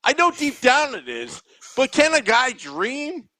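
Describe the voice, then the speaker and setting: Lively, animated man on a podcast. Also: very high-pitched, measured pace. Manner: animated, self-mocking. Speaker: podcast co-host. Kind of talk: casual podcast chat.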